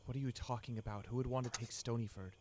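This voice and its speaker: A man's voice: mid-range voice, steady tone, fast talker, a little mellow, natural voice. A man voicing a wary, suspicious young woman in a tabletop game, lightly put on. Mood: incredulous.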